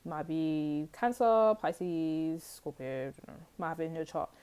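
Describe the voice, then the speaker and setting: A woman's voice: deep voice, animated, moderate pace, warm tone, clean tone. A woman giving a casual, rambling tarot reading to her viewers, full of fillers and asides. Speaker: tarot reader.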